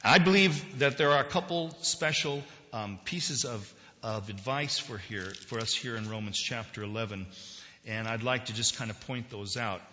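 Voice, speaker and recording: A man delivers a conversational sermon, his voice bright and forceful as it rings through a church sanctuary with a long reverb tail. He swings between loud, quick bursts and slow, drawn-out emphasis. The recording itself is dull and lo-fi. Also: mid-range voice. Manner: conversational, dramatic swings in loudness and pace. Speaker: preacher.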